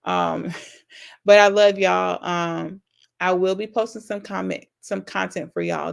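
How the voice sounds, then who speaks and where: A woman's voice: fairly low pitch, steady tone, slow, creaky, clear, resonant tone. A woman hosting a casual live-stream Q&A. She reads out viewer comments and answers them in an earnest, affectionate, faith-filled way. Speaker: YouTube channel host.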